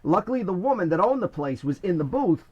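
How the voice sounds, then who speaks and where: Brief: middle-aged New man, fairly high voice, animated storyteller who restarts often. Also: fast, husky, dull audio. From Bronx, New York. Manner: animated, many restarts, "I says". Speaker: guest, former corrections officer. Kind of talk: casual storytelling.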